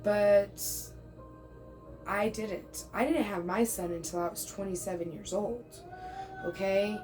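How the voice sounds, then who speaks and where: A woman in her thirties gives a casual tarot reading in a medium-pitched voice, taking it slowly. She's chatty and reassuring, checks in often, and occasionally calls the listener "bro," with music in the background of a rough recording.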